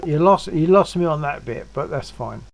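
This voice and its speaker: A man's voice: on the high side, lively intonation, normal speed, gravelly, crowd noise. A man hosting a casual stream chat in an easygoing, chatty way.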